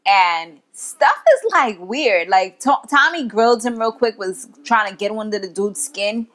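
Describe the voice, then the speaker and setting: A woman's voice: medium pitch, animated, measured pace, a bit bright. A young woman giving a casual, slangy recap of a TV episode, chatting and laughing as she goes. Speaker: TV show reviewer.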